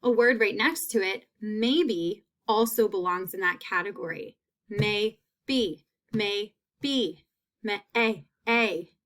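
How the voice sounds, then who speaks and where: A woman teacher giving a phonics lesson, stretching out sounds and repeating each word slowly. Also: medium pitch.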